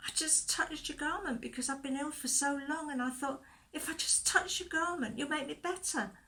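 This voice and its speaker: A woman voicing a frightened, timid woman who has long been ill, speaking softly and a little higher. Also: normal speed.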